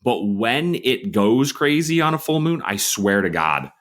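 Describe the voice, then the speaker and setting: A man's voice: mid-range voice, very animated, a little slow, fairly bright tone. An American man co-hosting a podcast, making wry, sarcastic asides in casual chat. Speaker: podcast co-host.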